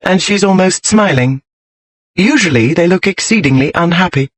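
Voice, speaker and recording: A man voicing a sharp-witted young English lady who stays cool and speaks in a crisp, arch, precise way, in an audiobook reading. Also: sits high, animated, normal speed, dry recording, pitched above the performer's own voice.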